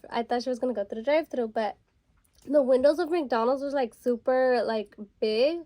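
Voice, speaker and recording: Chatty young woman with a higher voice. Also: fairly even intonation, fairly quick, gravelly, warm tone, dry recording. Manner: chatty, rambling, filler-heavy with frequent "like". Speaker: vlogger. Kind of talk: casual storytelling while getting ready.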